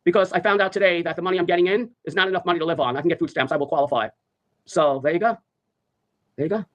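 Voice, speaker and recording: A man's voice: sits high, very fast, highs cut off. A man telling a story on a livestream, rambling and profane, repeating his phrases over and over. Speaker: live streamer.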